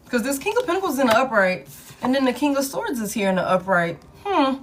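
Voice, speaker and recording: A woman's voice: sits high, sing-song, fast talker, slight background noise. Blunt, cursing woman reading tarot. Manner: blunt and profane, thinking aloud while pulling cards; talks straight to her viewers. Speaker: tarot reader. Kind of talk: live collective tarot reading.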